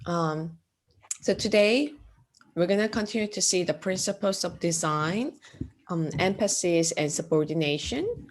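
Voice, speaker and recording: A woman gives an art lecture in a classroom. She speaks slowly and a little low, pausing on fillers and often clearing her throat as she goes. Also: animated. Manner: slow and hesitant, with frequent fillers and throat clearing. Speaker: art teacher.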